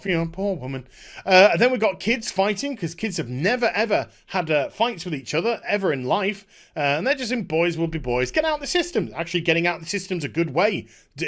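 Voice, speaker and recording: A man tears into a video with sarcastic, mocking commentary. His voice sits high for a man and swings widely in pitch as he rants, exasperated. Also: fairly bright tone. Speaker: commentary channel host.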